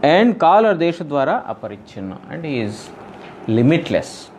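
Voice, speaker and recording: A man's voice: fairly high pitch, very animated, normal speed, a little mellow, slight background noise. A man giving a devotional scripture lecture, explaining earnestly and repeating phrases with frequent "you know". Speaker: spiritual teacher.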